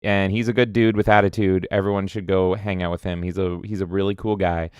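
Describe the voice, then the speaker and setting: A man streaming from home, chatting casually as he reads out viewer comments, excitable and swearing, often jumping into loud silly voices. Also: sits low, brisk, clean tone, no echo, highs cut off.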